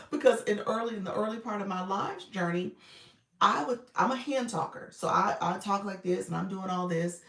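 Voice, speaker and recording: A woman's voice: low voice, creaky, roomy sound. A woman coaching new live streamers in a casual, chatty way, laughing often and restarting her sentences. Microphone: live-stream setup.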